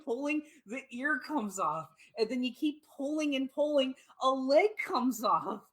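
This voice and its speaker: Animated woman retelling a game. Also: high voice, a little slow, hardly any pauses, low-quality recording. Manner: swears often, laughs while telling. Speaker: podcast co-host.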